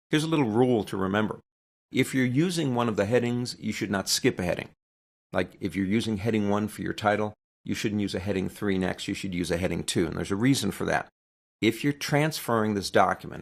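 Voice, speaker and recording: A man teaching a web design tutorial in a conversational, expressive way, sometimes showing vocal inflection. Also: fairly low pitch, creaky. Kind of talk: screen-recorded software tutorial.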